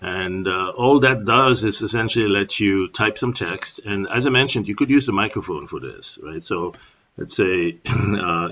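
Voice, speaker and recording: A man with a German accent casually walking through a software tutorial at his computer, rambling with plenty of filler words. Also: deep voice, measured pace, slightly rough. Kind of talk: casual screen-recording tutorial. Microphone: computer microphone. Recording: dull lo-fi screen recording.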